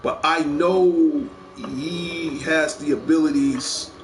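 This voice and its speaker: A man's voice: on the high side, fairly even intonation, slow, slight background noise. A man hosting a casual show, chatting eagerly about movies and rambling with lots of repeated words. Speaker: show host. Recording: echoey room.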